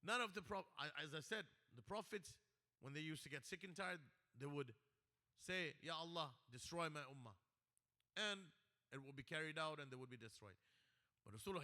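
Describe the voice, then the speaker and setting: A man's voice: fairly high pitch, sharp tone. A man giving a sermon, telling stories and rising to emphatic pleas. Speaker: religious speaker. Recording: long hall reverb.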